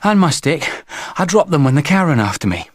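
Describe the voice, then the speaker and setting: A man voicing an excitable, bold little boy who talks high and insistent in a storybook. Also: a little fast, dry recording. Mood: matter-of-fact.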